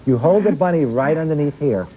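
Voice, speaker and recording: A man with an animated, mellow voice on the high side talks a little fast as the pet expert on a kids' TV show. He explains animals and quizzes the studio children directly, and the recording is rough.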